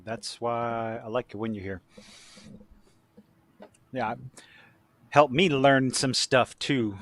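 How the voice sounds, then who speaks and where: With a mid-range voice and a slow pace, this man is heard over a crowd in the background. He's a podcast host and a work supervisor who fields lots of calls, chatting casually with plenty of profanity, frequent restarts and tangents.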